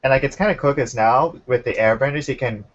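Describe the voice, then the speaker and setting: A young man hosting a casual chat, relaxed and talkative, keeping an eye on the time. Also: medium pitch, fast talker. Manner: relaxed, chatty, keeps time. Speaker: podcast host. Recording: muffled lo-fi recording.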